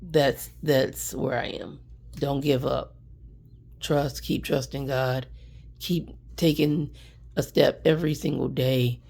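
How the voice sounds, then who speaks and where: A woman with a low, dark, husky voice speaks slowly on a live stream, close to tears. She is earnest and keeps repeating her encouragement. She comes across as middle-aged. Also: steady tone. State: near tears. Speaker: small business owner. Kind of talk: emotional live stream talk.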